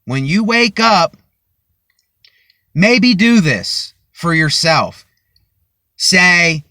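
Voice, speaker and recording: A man vlogging a motivational monologue into a cheap phone from inside his car, speaking deliberately and loudly as if to a crowd. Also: sits high, lively intonation, dry recording. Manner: slow and deliberate, projecting as if to a crowd.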